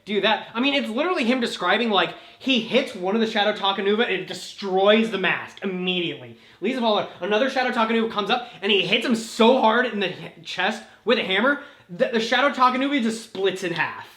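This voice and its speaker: A woman hosting a casual chat, retelling a story in an animated way, laughing and swearing as she goes. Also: mid-range voice, fast talker, hardly any pauses. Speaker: host. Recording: roomy echo.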